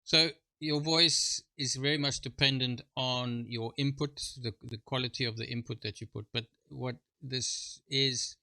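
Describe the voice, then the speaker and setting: A man presenting a screen-share software walkthrough, talking in a halting way with fillers and informal asides. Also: medium pitch, steady tone, dry recording. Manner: halting, full of fillers and restarts.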